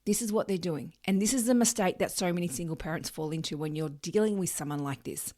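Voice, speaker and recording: A woman's voice: lowish voice, fast, mellow. A woman hosting a solo podcast, talking emphatically and acting out people's thoughts. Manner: emphatic, acts out quoted thoughts of others. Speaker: podcast host.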